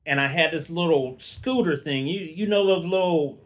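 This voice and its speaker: A man's voice: fairly high pitch, normal speed. A middle-aged man telling an unscripted personal story in a casual, rambling way, with fillers and restarts. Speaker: vlogger.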